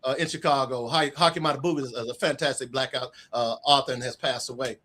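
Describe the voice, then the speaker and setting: A fast-talking middle-aged man with a mid-range voice, an author being interviewed, tells casual stories. He's animated, performing the quoted dialogue as he goes.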